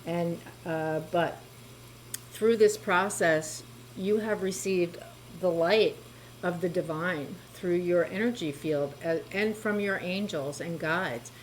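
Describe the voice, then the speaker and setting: A woman giving a spoken tarot reading, gentle and reassuring, talking to the listener about cards and spiritual healing. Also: fairly low pitch, slow, slight background noise, poor audio. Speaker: tarot reader.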